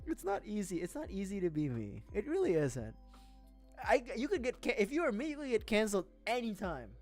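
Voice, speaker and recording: Rambling, animated streamer from the Philippines. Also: mid-range voice, moderate pace, soft background music. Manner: rambling and chatty, laughs often; self-mocking. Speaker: livestreamer. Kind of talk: casual chat on a livestream.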